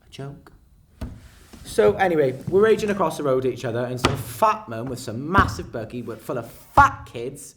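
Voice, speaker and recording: A brash woman tears through a foul-mouthed story of a street row, her pitch leaping wildly between mutters and shouts. She performs it as an acted monologue, loud and combative. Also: expressive, normal speed, distant mic, a little hiss or hum. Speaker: acting student.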